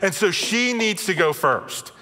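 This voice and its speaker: Middle-aged male pastor, bright and slightly high, chatty self-mocking sermon, long hall reverb. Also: animated, measured pace. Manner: conversational, self-deprecating storytelling. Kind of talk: sermon with personal stories.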